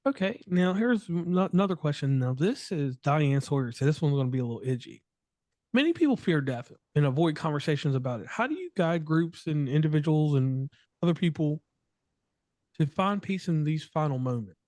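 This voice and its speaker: A man's voice: on the high side, big pitch swings, brisk, a little mellow, no echo. A man in his thirties interviewing a guest, chatty and joking, with long rambling questions. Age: 30s. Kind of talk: casual interview.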